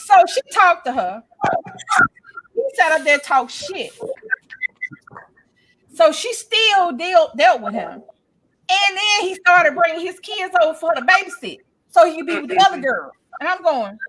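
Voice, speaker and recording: A high-voiced woman in her forties tells a story in a loose, casual chat. She is blunt and profane and jumps between the voices of everyone in the story, now loud, now quiet. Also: a little slow, pauses often, dry recording, rough recording. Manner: animated, blunt and profane, acting out both sides of arguments. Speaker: podcast co-host.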